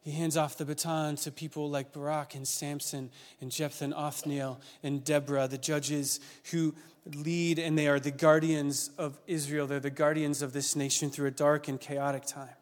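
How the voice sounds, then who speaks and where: A man preaching a sermon, retelling stories in an animated way that builds with excitement. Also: fairly high pitch, moderate pace. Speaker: pastor. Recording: long reverb of a church hall.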